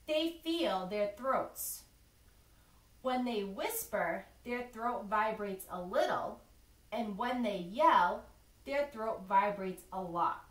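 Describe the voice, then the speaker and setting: A woman teacher reading a lesson to young children, slow and clearly enunciated, encouraging them to repeat after her. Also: medium pitch, animated, distant mic. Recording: echoey room, a bit off-mic.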